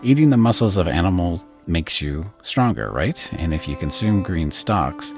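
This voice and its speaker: A man's voice: deep voice, very animated, normal speed, music in the background. A man reading the part of a small, eccentric male Orlan singer from a video game, in a plain, lightly voiced way. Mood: lecturing.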